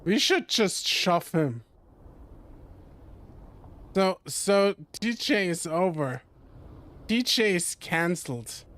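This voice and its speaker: Man, streamer, visual novel read-aloud, joking, smooth voice, unhurried. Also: sits high, very animated, fairly bright tone. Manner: joking, teasing, laughs at the story. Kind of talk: reading a visual novel aloud with live reactions.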